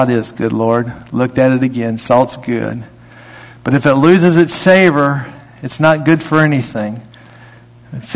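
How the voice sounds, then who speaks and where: A man preaching a sermon in a conversational way, reading scripture aloud and rising in pitch to stress his points. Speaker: pastor. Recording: long hall reverb.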